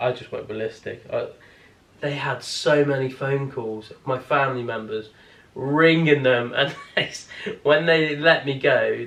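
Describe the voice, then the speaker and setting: A man telling a long story in a casual family vlog, rambling and animated, swearing often and restarting his sentences. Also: medium pitch. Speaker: family vlogger. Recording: roomy, distant-mic home recording.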